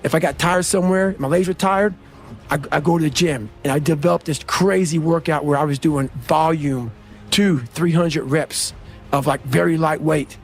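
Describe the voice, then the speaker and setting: A man's voice: a little high, fairly even intonation, normal speed, faint music behind. A man giving an intense, blunt motivational speech in an emphatic manner. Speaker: motivational speaker.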